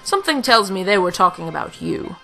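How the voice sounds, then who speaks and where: A woman's voice: mid-range voice, big pitch swings, fairly quick, vocal fry, fairly bright tone, soft background music, rough recording. A woman reading a haughty, cruel female general from a game, with theatrical gloating laughter. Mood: scornful.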